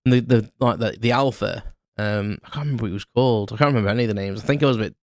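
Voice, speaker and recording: British guy in his 30s rambling thru a podcast story, lowish voice, dry close mic. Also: rapid-fire, no room sound. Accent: British English. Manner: rambling, many restarts and fillers. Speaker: podcast host. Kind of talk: unscripted solo storytelling.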